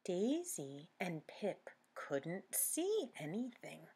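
A woman's voice: lowish voice, husky. A woman leading a children's library storytime, reading picture books and singing with the children. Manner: slow, sing-song and animated.

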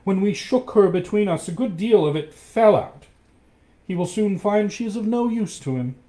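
A man's voice: high-pitched, lively intonation, normal speed, warm tone, pitched above the performer's own voice. A man voicing an anxious old professor. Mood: explaining. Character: the professor, older male inventor, anxious.

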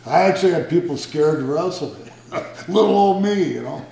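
A man's voice: a little high, animated, moderate pace, vocal fry, warm tone. An older man, a retired wrestler, telling rambling and profane anecdotes in an interview. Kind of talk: shoot interview storytelling.

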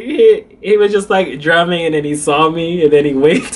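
A man's voice: a little high, normal speed, hardly any pauses, slight background noise. A young man vlogging casually, telling a story with lots of fillers and frequent laughter.

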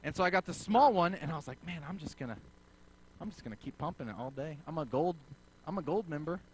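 A man preaching a sermon as pastor, telling a story in a lively way and acting out both sides of the conversation. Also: a little high, quick pace, a little hiss or hum, rough recording. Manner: animated storyteller acting out dialogue.

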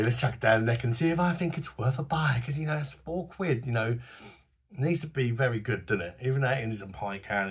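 Chatty man, husky voice. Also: on the low side. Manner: chatty, enthusiastic, slangy. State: voice going a bit hoarse. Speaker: beer reviewer. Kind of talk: casual review to camera. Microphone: phone camera.

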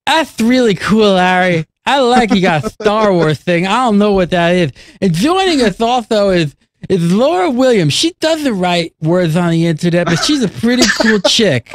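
A man's voice: high-pitched, big pitch swings, slight background noise. A man hosting in an awkward put-on voice with a heavy lisp, tongue pushed out past his teeth, as a comic bit. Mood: awkward goofy. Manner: awkward, deliberately stilted delivery. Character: goofy awkward male host with a lisp. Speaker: host.

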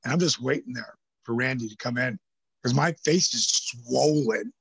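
A man guest on a podcast, telling animated stories, swearing freely and acting out the voices of the people in them. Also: medium pitch, moderate pace, vocal fry, slightly rough, dry recording. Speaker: podcast guest, former pro wrestler. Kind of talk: casual storytelling interview. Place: podcast studio.

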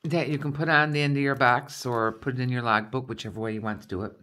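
A woman's voice: extremely low pitch, fairly even intonation, fast, a bit bright, slight background noise. A middle-aged woman vlogging a craft kit unboxing, explaining each item in a chatty, step-by-step way. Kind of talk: casual unboxing chat.

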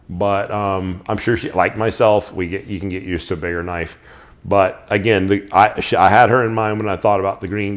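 A middle-aged man casually showing off his knives, enthusiastic and rambling, often restarting his sentences. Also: lowish voice. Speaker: knife collector reviewing knives. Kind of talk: casual show-and-tell.

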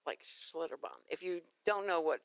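A woman's voice: on the low side, moderate pace, no room sound. An older woman, hosting a casual radio talk show in a chatty, teasing way.

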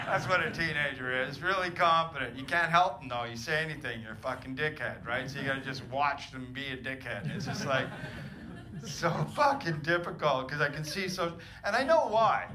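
A middle-aged man doing a profane stand-up comedy set in a club, ranting with loud punchlines. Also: medium pitch. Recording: noisy live club recording. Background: audience laughter.

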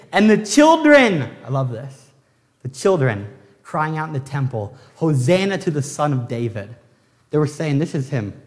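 A man preaching a sermon as pastor, telling the story with animated swings from loud to hushed. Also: a little high, big-room sound. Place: church sanctuary.

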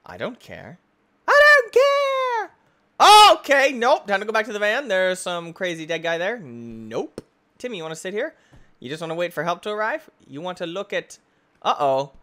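A man giving excitable, goofy let's-play game commentary, often yelling and shrieking. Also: high voice, brisk. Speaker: gaming YouTuber.

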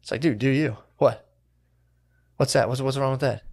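A man's voice: mid-range voice, fairly even intonation, moderate pace, darkish tone. A young man co-hosting a podcast in casual, profane banter, riffing and mimicking other people's voices. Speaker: podcast co-host.

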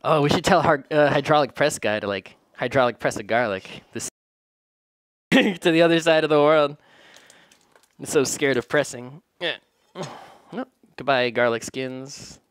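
A man's voice: mid-range voice, a little slow, pauses often, fairly bright tone, no room sound. A man casually narrating his home cooking in a kitchen, rambling and joking at his own expense. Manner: joking, rambling, self-deprecating. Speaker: home cook vlogger.

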